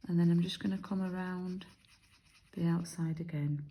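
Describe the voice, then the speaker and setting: A woman's voice: lowish voice, fairly even intonation, normal speed, warm tone, low-quality recording. A woman from the UK giving a chatty, step-by-step card-making tutorial, explaining as she works. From United Kingdom. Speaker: craft demonstrator.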